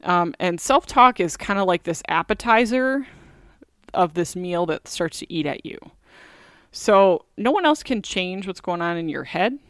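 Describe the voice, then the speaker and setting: A woman's voice: on the low side, animated, a little slow, fairly bright tone, no room sound, studio quality. A middle-aged woman hosting a podcast, talking in a chatty, candid way with many fillers. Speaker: podcast host. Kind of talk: casual solo podcast talk.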